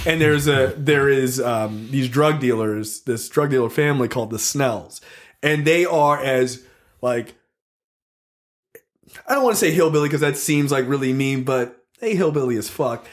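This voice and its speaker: Animated, swearing podcast man. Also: medium pitch, moderate pace. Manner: animated storytelling, swears freely, acts out scenes. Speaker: podcast co-host. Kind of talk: casual chat.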